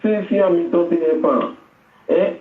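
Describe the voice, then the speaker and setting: A man's voice: on the high side, normal speed. Distressed Nigerian man on a phone line. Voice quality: upset, pleading. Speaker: caller. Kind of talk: phone-in counselling talk. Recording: tinny phone line in an echoey room.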